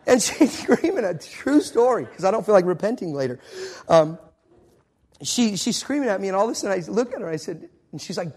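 A middle-aged male minister telling a story in a sermon, swinging from shouts down to whispers. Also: high voice, fairly quick, husky. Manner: animated storyteller, shouts at peaks, drops to a whisper.

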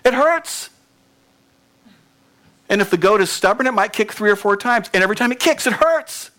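A male pastor giving an animated sermon, laughing often and sinking to near whispers at times. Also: high-pitched, very fast.

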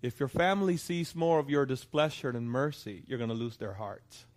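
A man's voice: medium pitch, expressive, normal speed. A pastor preaching a sermon to his congregation, talking conversationally and often asking them for a response. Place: church.

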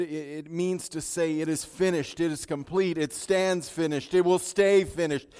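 A man preaches to his congregation in a church sanctuary, taking his time over every phrase. His delivery swings widely, from breathy, hushed near-whispers to full-voiced, triumphant shouting. His pitch sits in the middle range for a man. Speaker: pastor. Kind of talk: sermon.

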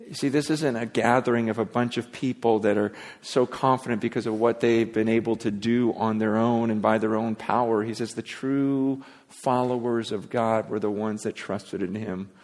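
A man preaching a sermon to his congregation, speaking with emphatic, animated delivery. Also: on the low side, moderate pace, hardly any pauses. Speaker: pastor. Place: church sanctuary. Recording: long reverb of a large hall.

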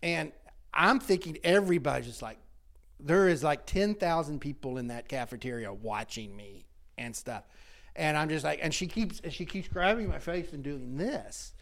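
Animated middle-aged man telling stories. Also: a little high, moderate pace, creaky. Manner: animated, laughs often, self-interrupting. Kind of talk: casual storytelling chat.

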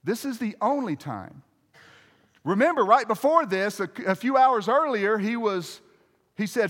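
High-voiced male preacher in a hall. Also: lively intonation, unhurried, fairly bright tone. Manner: conversational preaching with restarts and asides to the congregation. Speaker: pastor. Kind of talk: sermon.

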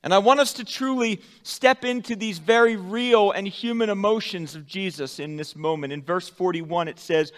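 A pastor preaching a sermon, with dramatic swings from loud emphatic peaks to hushed, soft endings. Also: male voice, high voice, normal speed, hardly any pauses, big-room sound.

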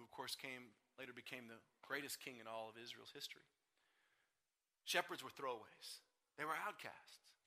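Bright, high-voiced man preaching a sermon. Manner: animated storytelling, acts out quoted lines. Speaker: pastor.

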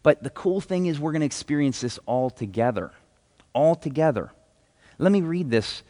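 A man's voice: fairly high pitch, lively intonation, moderate pace, warm tone. A man preaching a sermon as a pastor in a casual, enthusiastic way, reading scripture aloud. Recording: hall reverb.

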